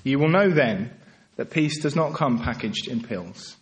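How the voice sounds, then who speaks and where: A man preaching a sermon, earnest and pleading, swinging from emphatic peaks to quiet, soft passages. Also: medium pitch, lively intonation, unhurried.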